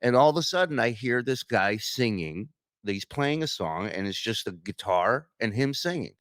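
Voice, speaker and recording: A man's voice: mid-range voice, lively intonation, normal speed, a bit bright, dry recording, studio quality. A man from New York co-hosting a podcast, telling a self-deprecating, enthusiastic story in casual chat. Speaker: podcast co-host.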